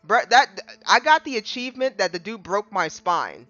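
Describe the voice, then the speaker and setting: A gaming streamer casually recapping a game, excitable, with dramatic restarts and big jumps in pitch. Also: normal speed, no room sound. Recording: slightly dull lo-fi mic with faint music.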